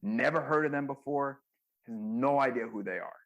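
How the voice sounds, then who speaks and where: A former music manager, a man, telling a long story in a loose, rambling way and often ending sentences with a quick "right?". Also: medium pitch. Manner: ends many sentences with a tag question, "right?"; loose and rambling, with restarts and fillers. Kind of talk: casual storytelling in an interview.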